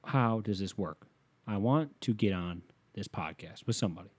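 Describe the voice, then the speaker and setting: Dude ranting solo on his podcast, swears a lot, little lisp, kinda low voice. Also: normal speed, slightly rough. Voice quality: slight lisp on s sounds. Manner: rambling, profane, animated. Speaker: podcast host.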